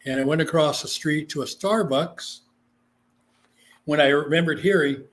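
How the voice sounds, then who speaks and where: A psychic medium from Guam tells a story during a casual interview, speaking in a fairly high voice at normal speed. He's animated and acts out the voices of the people he quotes.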